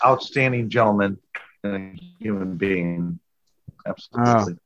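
A man's voice: fairly low pitch, normal speed, dull audio, faint music behind. A man co-hosting a casual podcast, asking long, meandering questions. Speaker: podcast co-host. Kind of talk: casual chat.

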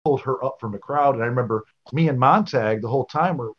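A man's voice: mid-range voice, quick pace, lo-fi sound. A man co-hosting a podcast, telling concert stories in a rambling, casual way with lots of fillers. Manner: rambling, with many fillers and restarts. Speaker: podcast co-host. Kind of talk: casual storytelling chat.

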